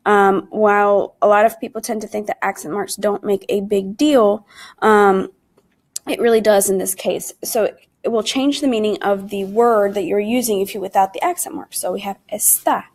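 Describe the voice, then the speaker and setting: A woman's voice: medium pitch, fairly even intonation, normal speed. A woman teaching a recorded Spanish lesson, speaking in English. She walks through the material patiently and keeps calling the class "guys". She drops Spanish words and conjugations in between her English. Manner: patient, explains step by step and often calls the class "guys".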